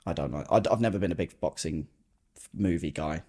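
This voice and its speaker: A man's voice: sits low, fairly quick, mellow. A young man co-hosting a podcast in casual chat, often trailing off mid-sentence. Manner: chatty, trails off mid-sentence, says "mate". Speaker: podcast co-host.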